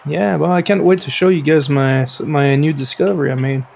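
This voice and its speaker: Male player, raised pitch, gravelly, eager in-character talk. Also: brisk, darkish tone, a little hiss or hum. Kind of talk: in-character tabletop play.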